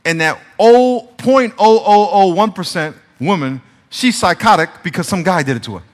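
A male pastor preaching a conversational sermon, shifting between soft, confiding passages and emphatic peaks. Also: sits high, animated, normal speed. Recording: reverberant church hall sound.

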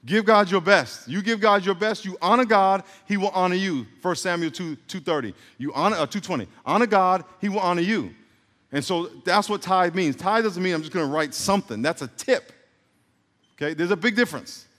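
A man's voice: high voice, fairly quick, fairly bright tone. A middle-aged man preaching a sermon as a pastor, joking in rambling asides and calling for responses from the congregation. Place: church sanctuary. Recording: reverberant hall.

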